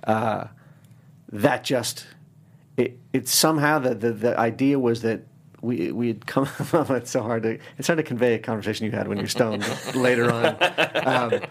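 A man with a gravelly, fry-tinged voice at a middle pitch tells filmmaking stories in loose, halting runs. He laughs along and slips into acted-out quotes. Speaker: filmmaker guest. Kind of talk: casual storytelling chat.

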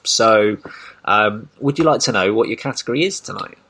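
A man's voice: lowish voice, animated, moderate pace, pushed and bright, slightly rough. A man hosting a casual podcast discussion, thoughtful and given to restarts. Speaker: podcast host.

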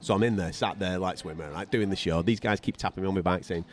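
A man telling boxing stories on a podcast in a casual way, swearing freely and mimicking the people in them. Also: low-pitched. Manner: animated and fast-talking. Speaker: podcast co-host, boxing radio commentator. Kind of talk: casual storytelling chat.

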